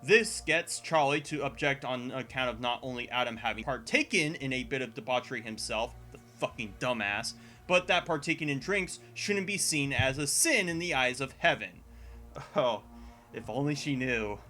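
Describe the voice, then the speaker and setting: A man delivering scripted commentary as a video essayist, sarcastic and profane, with sudden exasperated jumps in pitch. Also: moderate pace, pushed and bright. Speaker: video essayist reviewing a show.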